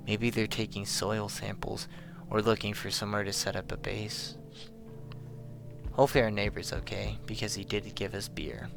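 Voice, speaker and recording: A young man playing a horror game, reading the on-screen text aloud and yelling and swearing when things go wrong. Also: lowish voice, vocal fry. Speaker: let's play gamer. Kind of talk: horror game playthrough commentary.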